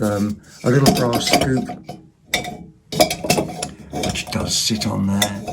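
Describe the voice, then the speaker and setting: A man's voice: medium pitch, heavy background noise. A man giving a rambling, casual show-and-tell of second-hand finds at home, with lots of ums and asides. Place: home, at a table.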